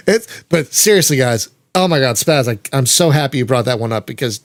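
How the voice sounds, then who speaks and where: A man hosting a casual podcast chat, gushing and excitable, swearing freely. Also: mid-range voice, brisk, hardly any pauses, no echo, clean studio sound. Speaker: podcast host.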